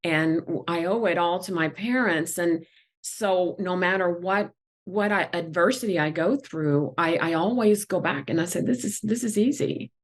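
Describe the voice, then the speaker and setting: A woman with a low voice recounts a childhood memory in an interview. English is not her first language. She speaks earnestly and emotionally, with many pauses and fillers. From not from the country where she went to school. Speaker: guest executive. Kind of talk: emotional personal storytelling.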